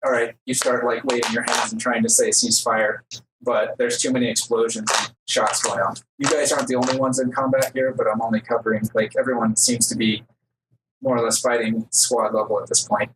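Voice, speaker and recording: A man's voice: medium pitch, little pitch movement, fairly quick, recorded from a distance. Man, game master, hesitant with fillers, noisy home recording. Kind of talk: narrating a tabletop game.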